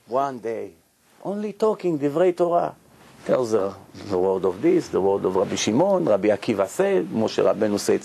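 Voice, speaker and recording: A man's voice: on the high side, normal speed, vocal fry, husky. A man teaching as a rabbi, telling a story with acted-out dialogue, questions to listeners and non-native English grammar. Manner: animated, acts out dialogue, asks the audience questions. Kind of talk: Torah lecture with storytelling.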